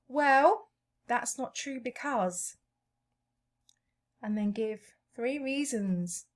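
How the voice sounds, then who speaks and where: A woman leading a guided EFT tapping session, calling out each tapping point in a slow, gentle way. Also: mid-range voice.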